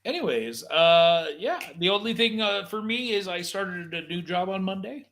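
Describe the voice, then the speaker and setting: A man co-hosting a live talk show, speaking casually in a dry, teasing, measured way. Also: high voice, lively intonation, a bit bright. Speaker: podcast co-host. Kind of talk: casual chat.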